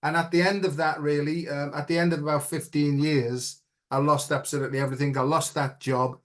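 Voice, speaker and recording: Middle-aged male guest, earnest and reflective, voice sitting a bit high, keeps asking "right?". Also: little pitch movement, brisk, a bit bright. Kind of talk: personal story in an interview.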